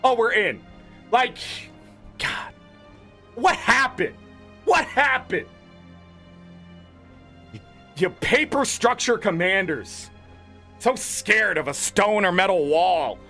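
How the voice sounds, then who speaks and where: A man's voice: sits high, expressive, takes it slowly, bright, forceful tone, soft background music. A man giving blunt, opinionated commentary on game patch notes as a gaming content creator, swearing freely.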